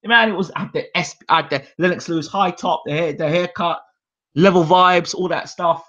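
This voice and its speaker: Hosting his boxing channel, a forties-aged man spins casual stories and acts out his father's voice whenever he quotes him. His high voice is a bit bright at a normal speed, and the recording is dull and lo-fi.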